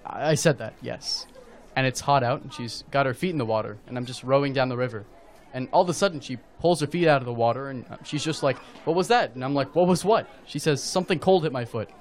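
An actor playing a casual teenage boy who tells a story in an animated way. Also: mid-range voice, quick pace, natural voice. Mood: storytelling. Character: teen boy Kurt, laid-back and easily spooked. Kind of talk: audio drama acting.

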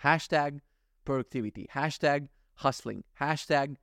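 A man's voice: a little high, unhurried, gravelly, a bit bright, clear, resonant tone, no room sound, clean studio sound. A man hosting a casual solo podcast, rambling and joking, swearing freely and acting out little scenes. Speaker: podcast host.

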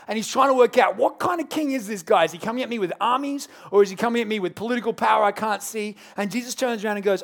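A male pastor delivers a sermon with a high-pitched voice. He tells the story in an animated way and acts out its scenes as he preaches. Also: fast, vocal fry, few pauses.

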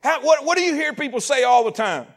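A man preaching a sermon in a church, animated, repeating lines, shouting at times and asking the congregation questions. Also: very high voice, fast. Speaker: pastor. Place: church sanctuary.

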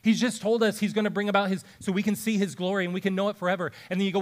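A man, a pastor, preaching a sermon, moving between lively explanation and soft, hushed scripture reading. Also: sits high, very fast.

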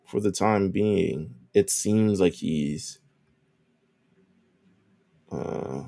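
A man with a low, gravelly voice and a dark, mellow tone talks through an anime recap in loose podcast chat. He rambles, fills gaps with ums and swears casually. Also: extremely slow, dry recording. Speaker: podcast co-host.

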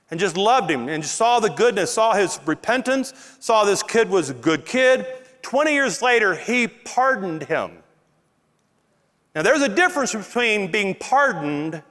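A man with a Louisiana accent preaching a sermon as pastor, animated and emphatic, stretching out key words. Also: high voice. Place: church auditorium with congregation. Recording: long hall reverb in a church.

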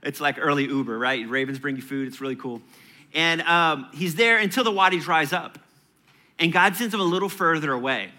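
A man's voice: on the high side, a little fast, bright, forceful tone. A man in his thirties preaching a sermon in a church, conversational and playful, with chatty asides. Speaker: pastor.

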